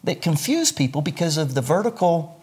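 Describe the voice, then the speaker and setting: A man's voice: on the high side, very animated, fairly quick, darkish tone, slightly rough. An older man, a pastor, explaining his views earnestly in a sermon-like way during an interview. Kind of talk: interview conversation.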